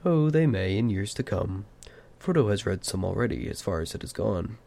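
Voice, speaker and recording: A man's voice: on the low side, animated, normal speed, gravelly. A man voicing an elderly male hobbit, fussy and possessive, in an amateur audiobook reading. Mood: wistful. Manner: fretful, turning sharp and clutching.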